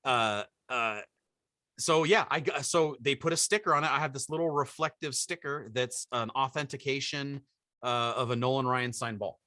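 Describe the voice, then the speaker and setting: A man's voice: medium pitch, normal speed, dry recording, studio quality. A man co-hosting a podcast, telling an anecdote in casual chat and acting out the people he quotes. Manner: animated storyteller, acts out quotes. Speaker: podcast co-host.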